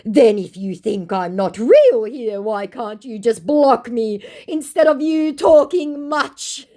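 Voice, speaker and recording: A woman's voice: on the high side, slow pace, mellow, pitched above the performer's own voice. A woman doing a huffy male scammer. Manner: huffy, dismissive, keeps saying bye. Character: pushy, indignant male online scammer.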